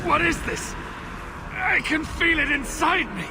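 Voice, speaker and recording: An actor playing a fanatical male cultist in a video game, with a gravelly, zealous delivery. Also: extremely high pitch, a little slow, heavy background noise. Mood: alarmed. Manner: zealous, reverent. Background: game music.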